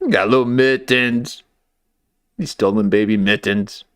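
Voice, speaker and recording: A man's voice: lowish voice, fairly even intonation, unhurried, fairly bright tone, smooth, no echo, studio quality. A man hosting a comedy commentary livestream, talking in a wry, rambling way with lots of fillers and restarts.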